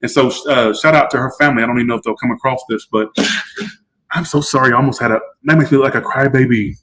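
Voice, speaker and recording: A man's voice: mid-range voice, quick pace, fairly bright tone, slight background noise, poor audio. A man giving a casual live-stream tarot reading, chatty and emotional, swearing freely. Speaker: tarot reader.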